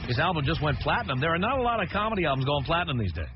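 A male radio talk show host interviewing a guest and reading brisk plugs. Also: on the high side, very animated, noisy background. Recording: lo-fi broadcast with music bed.

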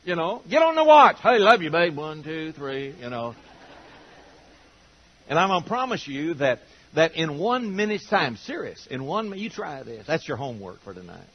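A man's voice: fairly high pitch, huge pitch swings, normal speed, husky. An older man preaching a sermon to a congregation, telling homespun, humorous stories and acting out the quotes. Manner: folksy, humorous storytelling with acted-out quotes. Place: church auditorium with congregation. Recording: dull lo-fi sermon recording.

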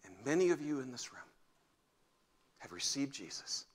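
Pastor, man, 50s, storytelling sermon, mid-pitched voice, big swings from shouts to hushes. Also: very animated, normal speed. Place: church sanctuary.

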